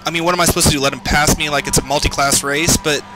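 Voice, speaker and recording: A man's voice: on the high side, steady tone, very fast. Frustrated man ranting while sim racing. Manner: frustrated, swearing, yelling at other drivers. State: heart racing, worked up. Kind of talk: live racing commentary. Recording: game music underneath. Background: game music and engine noise.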